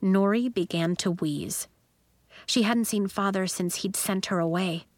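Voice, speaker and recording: A woman narrating a children's story in an expressive storytelling manner. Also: medium pitch, unhurried, no room sound. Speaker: audiobook narrator.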